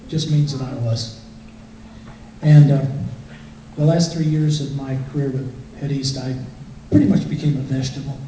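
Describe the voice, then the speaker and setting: A man's voice: mid-range voice, steady tone, moderate pace, mellow. A middle-aged man gives a conversational personal testimony to a congregation, telling his story in plain talk. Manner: conversational storytelling, acting out quotes. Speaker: guest speaker. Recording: echoey hall from far off, faint noise.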